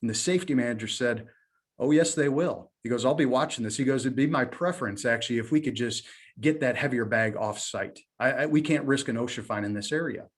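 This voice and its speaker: A middle-aged man giving a sales presentation, telling a story with lively quoted dialogue. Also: mid-range voice, fairly quick. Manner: animated storytelling, quotes others in his own voice. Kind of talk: conference talk with acted dialogue.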